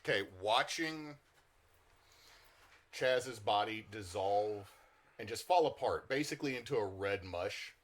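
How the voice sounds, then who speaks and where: A man runs a tabletop horror game as its game master, his voice sitting on the low side. He describes eerie scenes and explains the rules casually, with plenty of fillers. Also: lively intonation, a little slow, pauses often.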